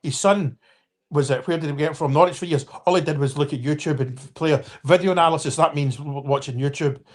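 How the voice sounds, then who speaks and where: Fifties man, a touch high-voiced, rambling live-stream football talker. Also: a little fast. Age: 50s. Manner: rambling, frequent restarts and apologies, addresses viewers by name. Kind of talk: casual football chat.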